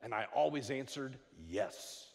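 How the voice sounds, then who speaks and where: A middle-aged man preaching a sermon in a church, joking and stammering through quick restarts. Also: fairly high pitch. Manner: animated, jokey preaching with frequent stammered restarts. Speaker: pastor. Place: church sanctuary. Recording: long hall reverb.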